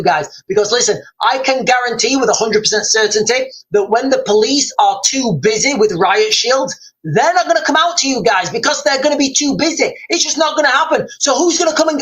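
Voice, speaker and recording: A man's voice: high-pitched, fairly bright tone, rough recording. A man hosting a livestream, talking urgently and rambling, with a habit of addressing viewers as "guys.". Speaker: livestream host. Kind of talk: livestream commentary.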